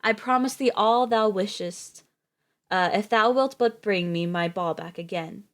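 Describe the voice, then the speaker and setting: A woman's voice: mid-range voice, measured pace, lightly acted. A woman voicing a young fairy-tale princess who speaks in old formal phrasing, close to her own voice. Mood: pleading. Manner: archaic formal speech. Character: young princess, spoiled and eager.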